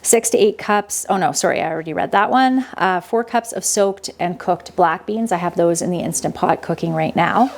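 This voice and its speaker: A woman's voice: on the low side, moderate pace, hardly any pauses. Chatty woman hosting a kitchen vlog. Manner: chatty, laughs easily. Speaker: homesteading channel host. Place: home kitchen. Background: faint compressor and power tools.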